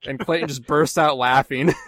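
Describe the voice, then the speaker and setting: A man's voice: medium pitch, normal speed, a bit bright, no room sound. A man in a casual podcast chat, chiming in with extra details. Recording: dry, close sound.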